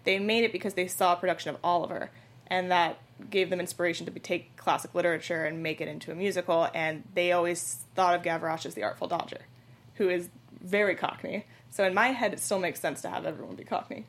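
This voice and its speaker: A woman's voice: on the low side, fairly even intonation, quick pace. A woman co-hosting a podcast, casually sharing background facts and laughing at her own stumbles. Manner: informative, shares trivia, self-deprecating laughs. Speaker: podcast co-host. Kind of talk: casual chat.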